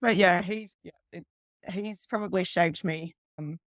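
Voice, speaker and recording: A woman's voice: on the low side, measured pace, no echo, clean studio sound. Chatty Australian woman telling her story. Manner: chatty, laughs often, acts out quoted voices. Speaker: podcast guest, police detective. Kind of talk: candid personal storytelling.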